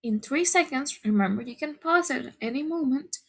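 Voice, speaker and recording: A woman teaching an English grammar lesson, explaining patiently and deliberately, repeating the key points. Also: high-pitched, expressive, gravelly. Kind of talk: slow, careful lesson explanation.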